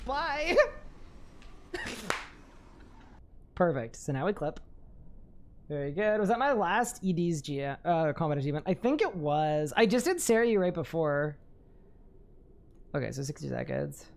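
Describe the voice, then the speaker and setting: Excitable young woman streaming a game. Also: low-pitched, unhurried, gravelly, pauses often. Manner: excitable, laughs often, talks to chat. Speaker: gaming streamer. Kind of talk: live gaming commentary.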